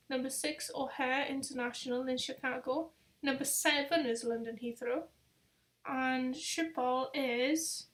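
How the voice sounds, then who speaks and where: A woman's voice: high-pitched, a bit bright. A young woman hosting a casual live travel quiz, chatty and rambling, with self-deprecating asides. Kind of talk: casual live-stream chat.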